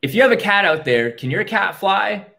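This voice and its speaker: A man's voice: high voice, sing-song, moderate pace, gravelly. Man chatting with kids between story pages. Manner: warm, chatty asides to young listeners. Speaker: children's storyteller. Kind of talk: reading a picture book aloud to kids.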